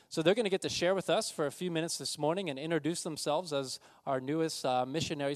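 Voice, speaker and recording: A man, a pastor, introducing new campus missionaries in a church service with frequent fillers. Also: mid-range voice. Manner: warm, filler-heavy introduction. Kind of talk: church announcement.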